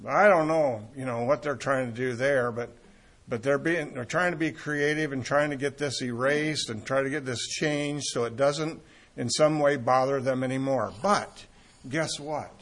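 An older man teaching a Bible sermon in a conversational way, asking his listeners questions and pausing on fillers as he thinks. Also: mid-range voice, fairly bright tone. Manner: conversational, asks the audience questions, frequent fillers. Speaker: preacher.

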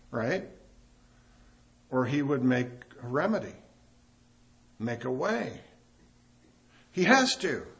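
A man's voice: a little high, slightly rough. A man preaching a sermon as pastor, emphatic, rising and swelling on key points.

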